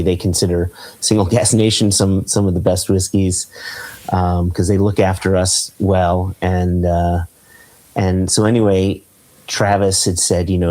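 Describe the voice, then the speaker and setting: A podcast host with a deep, darkish voice chats casually over a video call, tasting a whisky on air and enthusing about its flavors. The recording quality is low.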